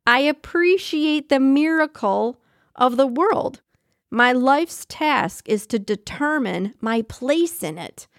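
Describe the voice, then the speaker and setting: A woman's voice: high-pitched, slow pace, no room sound. Chatty woman podcast host, dry close sound. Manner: chatty, laughs often, animated asides. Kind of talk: casual daily-quote podcast reading.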